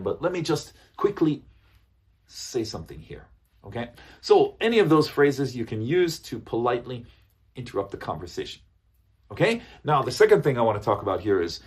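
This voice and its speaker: A man's voice: mid-range voice, slightly rough. A man teaching business English phrases, repeating examples and checking in with listeners often. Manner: animated, repeats phrases with checking "okay?" and "right?".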